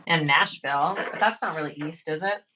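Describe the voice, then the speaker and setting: A woman hosting a casual sewing livestream, upbeat and quick to praise, laughing often as she works. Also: low-pitched, background noise. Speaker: sewing channel host. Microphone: livestream camera mic.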